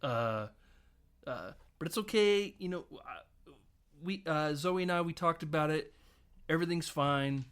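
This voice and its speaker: Brief: young adult male podcast co-host, slightly high, laughs often, plays out movie lines. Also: fairly bright tone, smooth. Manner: laughing, acting out movie lines in quick voices. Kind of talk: casual film podcast chat.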